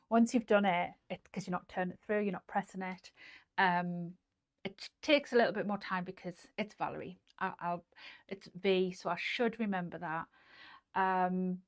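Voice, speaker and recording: A woman's voice: lowish voice, steady tone, moderate pace. A woman with a Geordie accent hosting a casual sewing live stream, chatting through viewer comments with lots of fillers and restarts and dropping to near-whispers at times. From North East England.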